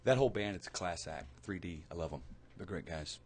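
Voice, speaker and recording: A man's voice: sits low, expressive, a little fast, slightly rough. A man co-hosting a casual talk show, speaking earnestly and acting out other people's lines. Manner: earnest and preachy, acts out quotes. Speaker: co-host. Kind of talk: casual chat.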